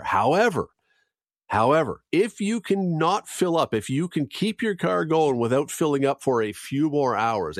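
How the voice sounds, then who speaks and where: A man's voice: mid-range voice, no room sound, studio quality. A man hosting a radio segment, reading news and on-this-day trivia in a casual, chatty way with wry asides. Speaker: radio host.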